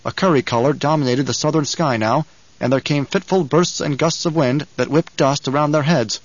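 A man narrating a novel in an even, unhurried storytelling voice. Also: on the high side, no room sound, lo-fi sound. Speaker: audiobook narrator. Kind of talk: scripted narration.

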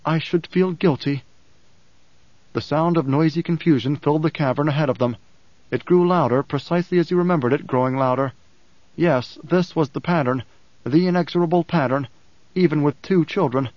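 A man narrating an audiobook in a measured, deliberate way. His voice sits a little high for a man. The sound is dry and close, with a slightly dull, muffled tone. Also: no room sound.

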